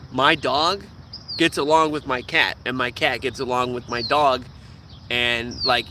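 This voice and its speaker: Vlogger man ranting, swears a lot, lively, slightly high-pitched, recorded outdoors with heavy street noise. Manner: profane, animated, acts out quoted voices. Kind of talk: casual rant to camera.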